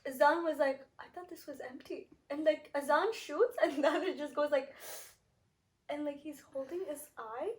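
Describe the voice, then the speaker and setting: A young woman with a high voice co-hosts a podcast in easy, slangy chat. She reacts fast and laughs often as she tells her own story. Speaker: podcast co-host. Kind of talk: casual chat.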